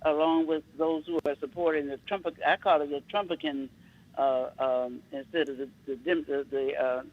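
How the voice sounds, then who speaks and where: Halting, blunt woman caller. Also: low voice, steady tone, phone-quality sound, a little hiss or hum. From Ohio, USA. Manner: halting and blunt, with many fillers. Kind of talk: call-in comment.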